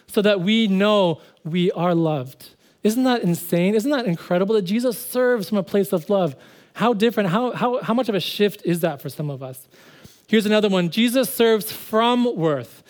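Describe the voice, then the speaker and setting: A man's voice: high-pitched, lively intonation, unhurried. A man preaching a sermon in an earnest way, repeating phrases for emphasis and now and then speeding up. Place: church service.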